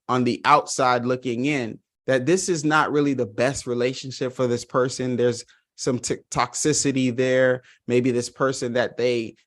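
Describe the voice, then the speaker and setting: Earnest male trainer leading an online session. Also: mid-range voice. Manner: earnest, emphatic, addresses listeners directly.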